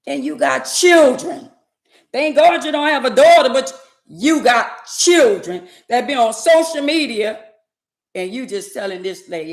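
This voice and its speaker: Indignant woman ranting slowly. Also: sits high, lively intonation, roomy sound. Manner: indignant, emphatic, repeats phrases. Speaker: vlogger. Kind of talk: ranting commentary to camera.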